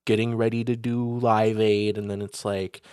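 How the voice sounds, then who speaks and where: A man's voice: fairly low pitch, little pitch movement, normal speed, a little mellow, smooth, no room sound, clean studio sound. A man co-hosting a podcast, chatting casually about movies with lots of fillers and jokes. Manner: rambling, filler-heavy, jokey. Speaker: podcast co-host.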